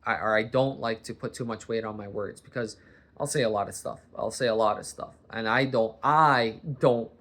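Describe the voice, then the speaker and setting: A man's voice: fairly low pitch, normal speed, fairly bright tone. A man from Boston talking to camera at home in a rambling, self-interrupting monologue, recorded on his coffee table. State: warm under a sweater, hat and blanket. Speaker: vlogger.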